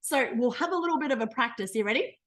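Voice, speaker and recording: A bubbly Australian woman with a fairly high voice talks through a slide presentation on a video call. She sounds enthusiastic and chatty throughout. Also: animated, fast, fairly bright tone. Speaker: travel promoter.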